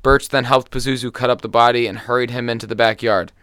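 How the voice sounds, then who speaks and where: Man, podcast co-host, casual crime retelling, profane, smooth voice, dry sound. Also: medium pitch, fairly even intonation, fast, fairly bright tone, no echo. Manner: loose and profane, with frequent ums.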